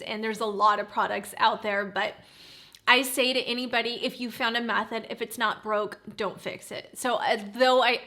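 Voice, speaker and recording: A woman's voice: a little high, sharp tone. A woman in her forties, a beauty vlogger chatting casually to camera, rambling and drifting into side notes. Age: 40s.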